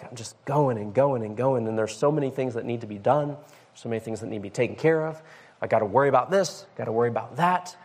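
A male pastor giving a conversational sermon, reading scripture and questioning the congregation. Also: mid-range voice.

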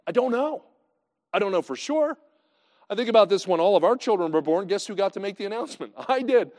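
A male pastor preaching a sermon in a conversational way, swinging from loud to hushed. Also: sits high, expressive, fairly quick, long reverb tail.

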